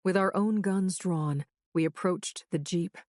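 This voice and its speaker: A woman's voice: lowish voice, unhurried, a little mellow, dry recording, clean studio sound. A woman narrating a crime thriller audiobook in the first person with a tense, urgent reading.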